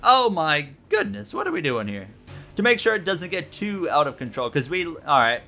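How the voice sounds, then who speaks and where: A man giving excitable, jokey let's-play commentary on a racing game, yelping and repeating himself when things go wrong. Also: fairly high pitch, moderate pace, gravelly, soft background music. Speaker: gaming YouTuber.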